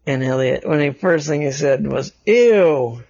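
A father making up a bedtime story for his children, in a casual, gently coaxing way, at home in a bedroom. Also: mid-range voice, little pitch movement, normal speed, gravelly, no echo, lo-fi sound.

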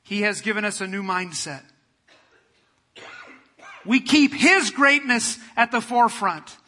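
A man preaching a sermon, building to loud passionate peaks and dropping to a soft, quiet prayer. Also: high voice, expressive, unhurried, big-room sound. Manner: preaching with rising fervor, then quiet prayer. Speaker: pastor.

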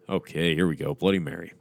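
A man hosting a podcast, reading a horror story aloud with crude, mocking asides. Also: sits low. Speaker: podcast host.

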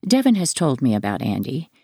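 Low gravelly woman narrating a memoir. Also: huge pitch swings, brisk, dark tone, no echo, studio quality. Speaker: audiobook narrator. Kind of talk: first-person memoir narration.

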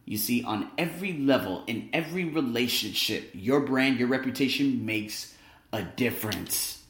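A man's voice: medium pitch, expressive, normal speed, a bit bright. A man hosting a casual talk show, telling stories animatedly, acting out quoted voices and swearing casually. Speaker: podcast host. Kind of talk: casual storytelling monologue. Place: living in Thailand. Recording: roomy echo.

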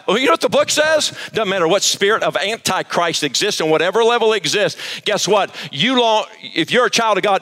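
A pastor preaching to a live church service, emphatic and quizzing the congregation for answers. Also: male voice, high voice, animated, a little fast, hardly any pauses, pushed and bright. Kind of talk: sermon.

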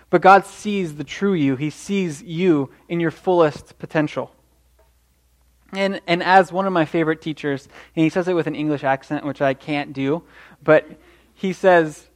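A young man delivers a sermon with earnest encouragement. His voice sits a little high for a man, and he often stumbles and restarts his phrases as he talks. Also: moderate pace. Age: young adult. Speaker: preacher.

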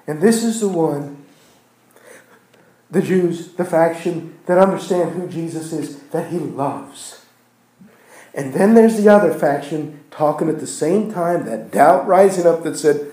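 A man preaching a sermon in a church. He builds phrases with repetitions and restarts, and swings from loud emphatic peaks down to near-hushed passages. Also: a little high, animated, measured pace. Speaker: pastor. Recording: echoey room.

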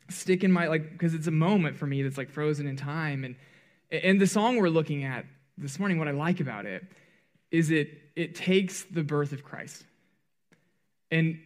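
A man leading worship who tells a rambling, self-deprecating story full of "like" fillers and restarts, acting out quoted lines with sudden jumps in pitch. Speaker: worship leader. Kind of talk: storytelling before a song in a church service.

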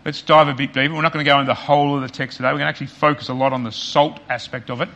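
Earnest preacher, bright voice. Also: male voice, a little high, flat delivery, very fast, creaky, highs cut off. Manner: earnest preaching, repeats key questions, drops to quiet emphasis. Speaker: pastor. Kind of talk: sermon.

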